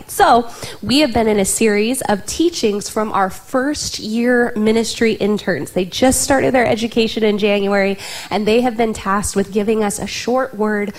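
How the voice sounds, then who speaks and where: A woman pastor introducing a student preacher to a church congregation in a brisk, encouraging way. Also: on the high side.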